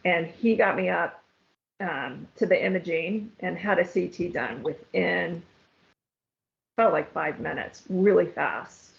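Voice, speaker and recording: A woman's voice: fairly low pitch, vocal fry. A woman guest telling her own story in an interview, earnest and at times tearful. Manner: emotional, halting, tearful at times. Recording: slightly dull, lo-fi sound.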